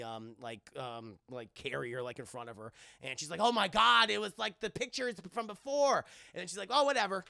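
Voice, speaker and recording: A man's voice: fairly high pitch, vocal fry, pushed and bright, no echo, studio quality. A young man streamer casually recapping a horror film for his chat, rambling with lots of fillers and swearing. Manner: rambling, hesitant, swears often. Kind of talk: casual profane movie recap.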